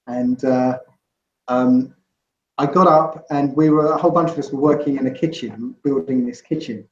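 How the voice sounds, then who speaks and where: A man's voice: medium pitch, darkish tone. Man with a roomy, muffled sound. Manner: rambling, full of "you know" and "right?". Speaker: guest. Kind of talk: casual interview chat.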